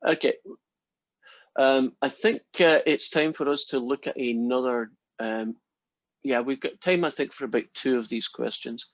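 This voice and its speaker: A man's voice: medium pitch, measured pace, dry recording, dull audio. A male math instructor lecturing casually and telling a long joke to his class in a chatty, storytelling way.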